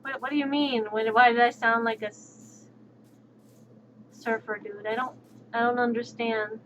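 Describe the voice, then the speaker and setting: A woman livestreamer chatting casually and outspokenly while she plays, with quick, sassy asides. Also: fairly high pitch. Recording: dull lo-fi stream audio with steady background noise.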